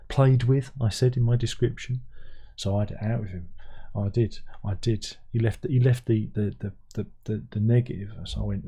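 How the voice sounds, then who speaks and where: Older British man, livestream host, casual rambling chat, dark and slightly husky tone. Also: on the low side, steady tone, brisk. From Britain. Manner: rambling, chatty, self-mocking asides.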